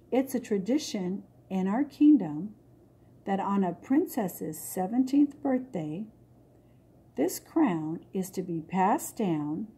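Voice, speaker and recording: A woman doing a gentle stately queen. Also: mid-range voice, husky, full character voice. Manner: calm, measured, affectionate. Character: gentle, stately middle-aged queen mother.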